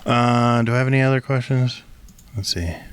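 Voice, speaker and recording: A man's voice: mid-range voice, a little fast, clear, resonant tone, no room sound. A man co-hosting a casual podcast, quizzing his partner and explaining things playfully. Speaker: podcast co-host. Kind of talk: casual chat.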